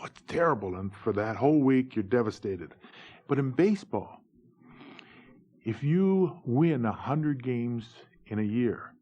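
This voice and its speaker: Husky middle-aged man spinning anecdotes. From New York State, USA. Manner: animated, acts out dialogue with big pitch jumps. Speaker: former umpire telling his stories. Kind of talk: anecdotal storytelling.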